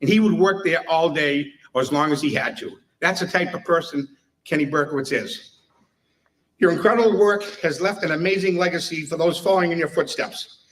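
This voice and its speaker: A man's voice: on the high side, fairly quick, fairly bright tone, recorded from a distance. A man giving a humorous retirement speech, telling stories and laughing at his own jokes. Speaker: speaker at a retirement tribute.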